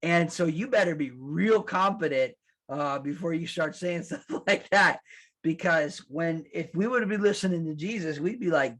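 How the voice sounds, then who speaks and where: Animated conversational man preaching. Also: fairly high pitch, moderate pace. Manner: animated, acts out quotes, laughs at his own lines; conversational, with repeated restarts. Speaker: pastor. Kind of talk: sermon.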